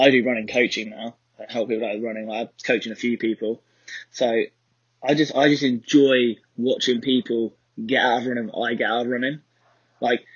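A young man who co-hosts a podcast and coaches running chats casually, rambling with lots of fillers and restarts. His mid-range voice has a breathy edge, and the slightly dull lo-fi recording has no room sound.

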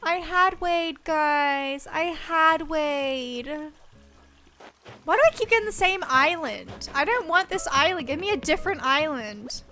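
Young woman streamer, very high, slow-paced, gasps and squeals easily; game music underneath. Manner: excitable, gasping and squealing at each new reveal. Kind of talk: casual game livestream chat. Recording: game music playing behind.

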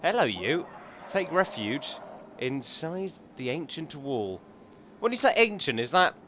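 A man's voice: on the high side, very animated, unhurried, bright, forceful tone, slight background noise. A man hosting a gaming channel, chatting and joking casually as he thinks aloud through gameplay commentary.

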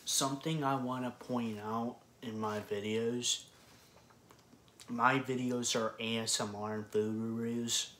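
A man's voice: medium pitch, fairly even intonation, slow pace, a bit bright. A man doing a casual eating vlog, talking bluntly and swearing freely as he complains. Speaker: food vlogger. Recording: echoey room with faint background noise.

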